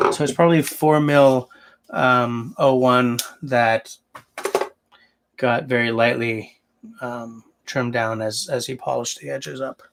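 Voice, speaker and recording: A man's voice: mid-range voice, creaky, fairly bright tone, a little hiss or hum. A man hosting a casual livestream, answering viewers and thinking aloud as he rambles. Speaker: livestream host.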